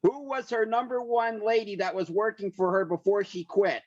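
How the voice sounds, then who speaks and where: A man's voice: high-pitched, fairly even intonation, normal speed, darkish tone, no echo. Quizzing man co-host, dull dry recording. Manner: quizzing others, storytelling with restarts. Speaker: podcast co-host. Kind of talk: casual comedic chat.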